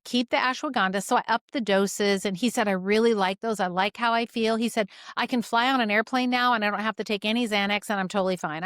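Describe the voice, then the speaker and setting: A woman hosting a podcast as a health practitioner, retelling a patient case in a casual, animated way and acting out both sides of the conversation. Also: smooth, no echo, studio quality. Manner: animated, acts out both sides of conversations with big pitch jumps. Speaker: podcast host and functional medicine practitioner. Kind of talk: casual storytelling of a clinical case.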